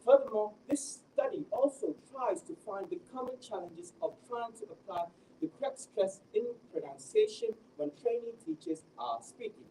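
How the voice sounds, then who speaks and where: A man's voice: very high-pitched, moderate pace. A young man gives an academic presentation of his research as a teacher trainee, often restarting his sentences. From Malaysia. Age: young adult. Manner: animated, with frequent restarts. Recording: distant mic with faint background noise.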